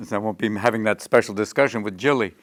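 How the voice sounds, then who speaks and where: A middle-aged man being interviewed, telling animated stories and jumping into quick voices. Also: fairly low pitch, dry recording, clean studio sound. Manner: animated, slips into quick character voices mid-story. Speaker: interview guest, comedian. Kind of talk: anecdotal interview storytelling.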